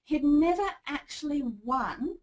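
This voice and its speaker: A woman with a New Zealand accent leads a webinar in a chatty, upbeat way. Her voice sits fairly high. She talks like a consulting trainer. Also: lively intonation, measured pace, poor audio. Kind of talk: webinar presentation.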